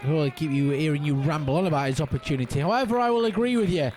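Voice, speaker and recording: Grumpy sarcastic commentator, high-voiced man. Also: rapid-fire, darkish tone, faint music behind. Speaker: colour commentator. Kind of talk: wrestling commentary.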